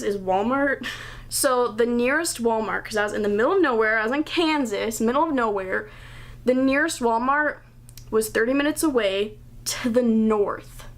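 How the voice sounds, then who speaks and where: Chatty young woman vlogger, higher voice. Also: a bit bright. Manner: chatty, breezy, laughs between phrases. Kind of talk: casual vlog storytelling to camera.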